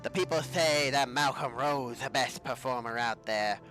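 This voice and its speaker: A man's voice: medium pitch, normal speed, fairly bright tone, faint music behind, lightly acted. A man voicing a boastful heavyset male wrestler who cuts a promo in a swaggering drawl, calling everyone baby, in a tabletop role-play.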